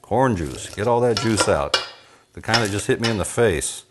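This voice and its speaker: A man's voice: lowish voice, expressive, normal speed, very noisy. A man from Texas cooking in his home kitchen, chatting in a folksy, joking way as he demonstrates a recipe. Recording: bacon sizzling and frying in the kitchen.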